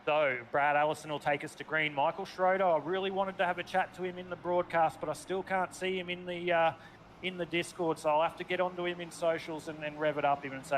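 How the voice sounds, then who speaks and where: A man's voice: a little high, fairly even intonation, a little fast, a bit bright, slight background noise. An Australian man commentating a sim race, chatty and calling people mate. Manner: chatty, calls drivers mate, speeds up in race calls.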